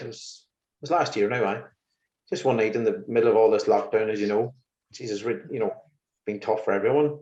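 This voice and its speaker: Man telling lively anecdotes. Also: fairly low pitch. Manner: lively, exasperated anecdotes with laughs. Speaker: musician guest. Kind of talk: casual interview storytelling. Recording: roomy, slightly muffled recording.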